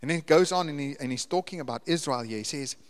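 A man with a fairly high voice, preaching a sermon in a church. He talks conversationally, then presses his points in emphatic repeated lists. His voice carries a long hall reverb. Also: fast talker. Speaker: pastor.

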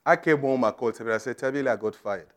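A man's voice: medium pitch, racing. Man, preacher, sermon, emphatic, middle-aged. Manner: emphatic, rising to loud declarations.

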